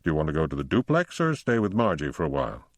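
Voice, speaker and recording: A man's voice: extremely low pitch, big pitch swings, quick pace, no room sound. A man reading the part of a distraught husband who pleads and breaks with grief in an audiobook. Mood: gentle. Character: distraught husband, trying to stay strong.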